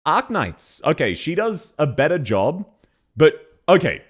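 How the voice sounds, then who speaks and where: An Australian man talks through a stream in a casual, blunt way, laughing often and swearing freely. His pitch swings widely as he reacts. Nothing about him is polished. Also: very animated, unhurried, husky. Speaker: streamer reviewing voice acting.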